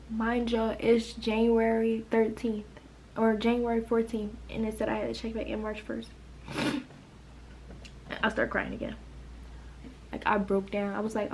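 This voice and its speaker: A woman's voice: a little high, level tone, normal speed, pauses often, darkish tone, a little hiss or hum, low-quality recording. A woman in her late teens from the United States, telling an emotional storytime in a rambling way, full of "like". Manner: emotional, rambling, heavy use of "like". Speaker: vlogger. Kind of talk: storytime vlog.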